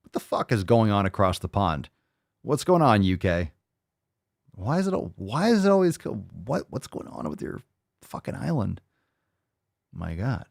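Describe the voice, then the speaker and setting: A man's voice: fairly low pitch, very animated, normal speed, creaky, pauses often, no room sound, clean studio sound. A man hosting a podcast, ranting in blunt, mocking, profane commentary. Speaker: podcast host.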